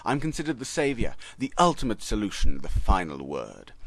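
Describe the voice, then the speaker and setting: Guy doing a full-of-itself markup thing, whiny and grand, low voice. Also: sing-song, moderate pace, a bit bright, dry recording, exaggerated voice. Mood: grandiose. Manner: grandiose, mock-tragic. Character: pompous self-pitying markup language.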